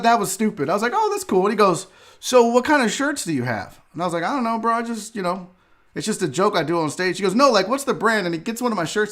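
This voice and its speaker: A comedian from Houston, Texas, hosting his own show, telling a casual story in a profane, animated way and acting out what people said. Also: high-pitched. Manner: profane, animated ranting with acted-out quotes. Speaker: comedian and podcast host.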